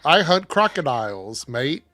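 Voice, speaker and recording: A man's voice: a little high, very animated, a little slow, over music. A man doing a hammy mock-Australian bloke. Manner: hammy, over-the-top. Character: exaggerated Australian man, crocodile-hunter bluster.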